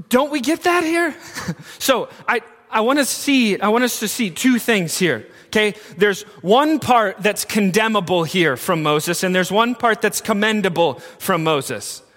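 A man's voice: high voice, lively intonation, a little slow, a bit bright, long reverb tail. A man preaching a sermon as pastor, emphatic and asking his listeners questions. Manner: emphatic, asks the congregation questions.

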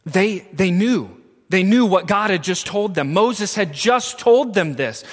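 High-voiced pastor preaching slowly. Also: male voice, expressive, long reverb tail. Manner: emphatic, asks the congregation questions. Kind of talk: sermon.

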